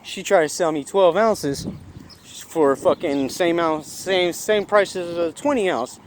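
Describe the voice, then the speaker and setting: A man's voice: fairly high pitch, measured pace. A man from Long Beach telling a profane, agitated story in casual vlog talk. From Long Beach, California. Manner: profane, agitated retelling with acted-out quotes. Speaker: vlogger. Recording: noisy outdoor recording.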